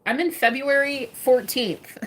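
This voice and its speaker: A woman's voice: high-pitched, lively intonation, takes it slowly, slight background noise. A young woman giving live-stream tarot readings, chatting casually, swearing freely and laughing often. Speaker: tarot reader.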